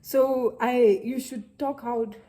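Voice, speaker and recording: Young woman, mellow warm voice, casual talk to camera, halting, heartfelt. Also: a little high, fairly even intonation, low-quality recording. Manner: halting, heartfelt, with many restarts. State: close to tears. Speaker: vlogger.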